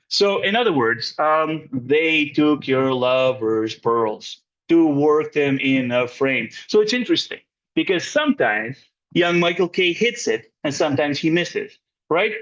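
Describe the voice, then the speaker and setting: A man leading a poetry writing workshop, talking animatedly and often checking in with the group. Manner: checks in with frequent "right?" tags; animated, pitch jumping up and down. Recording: muffled lo-fi recording.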